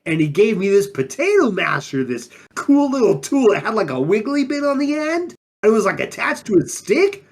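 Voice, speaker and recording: Chill surfer-dude undine monk, drawly, bouncy pitch, a player voicing him, kinda husky. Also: very animated, moderate pace, few pauses. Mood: laid-back. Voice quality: drawling surfer slang, lots of "like" and "man". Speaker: player character. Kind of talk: improvised in-character interview.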